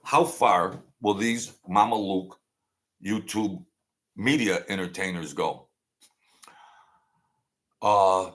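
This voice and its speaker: A man's voice: low-pitched, slow pace, pauses often, a bit bright. A man hosting a show, delivering a sarcastic, mocking rant. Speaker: host. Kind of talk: ranting commentary.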